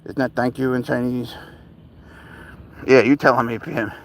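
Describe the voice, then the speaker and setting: A man's voice: mid-range voice, steady tone, normal speed, rough recording. Laid-back man chatting on a live stream. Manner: laid-back, chuckling, answers viewer questions. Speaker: livestream host with a pet serval. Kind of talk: casual live-stream chat reading comments.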